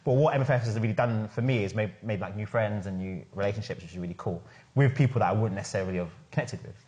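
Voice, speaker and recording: A man's voice: on the low side, fast, darkish tone, highs cut off. Chatty, enthusiastic man. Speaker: podcast host and founder. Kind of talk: casual podcast discussion.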